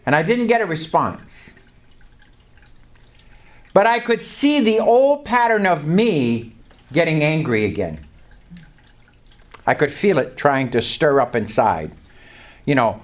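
An older voice tells a personal faith story to a small group. The pitch swings widely from low and hushed to high and excited, and the voice is neither notably high nor low. The delivery is animated and full of acted-out prayers and soft chuckles. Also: slow, long pauses. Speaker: lay preacher sharing testimony.

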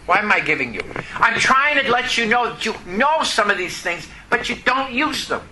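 During a church service, a man preaches to the congregation, reading scripture and pressing listeners with emphatic questions. His voice sits high and sing-song at normal speed, against a noisy background.

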